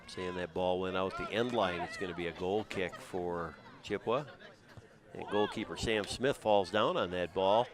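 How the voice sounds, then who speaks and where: A man doing steady, conversational play-by-play for a high school soccer game outdoors. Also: normal speed. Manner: steady, conversational, with frequent uh fillers. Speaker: play-by-play commentator. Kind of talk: live sports commentary. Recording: crowd noise in the background. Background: crowd noise.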